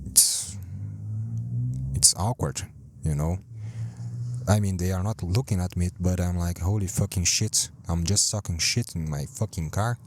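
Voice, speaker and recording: A man hosting a rambling solo podcast from a parked car, speaking English as a second language, self-deprecating and swearing a lot with halting restarts. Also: deep voice, slight background noise. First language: not English. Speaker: podcast host.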